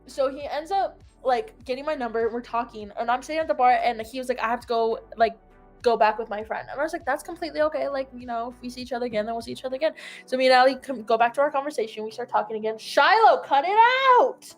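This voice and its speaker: High-voiced young woman telling a rambling story. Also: very fast, faint music behind. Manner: rambling, filler-heavy "like", animated retelling. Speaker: host. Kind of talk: casual storytelling chat.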